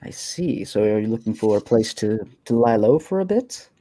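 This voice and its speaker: A man's voice: lowish voice, lively intonation, normal speed, mellow, dry recording, natural voice. A man voicing a gracious, composed woman who runs a bar and fondly calls people "my dear". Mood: welcoming. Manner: addresses others fondly as "my dear".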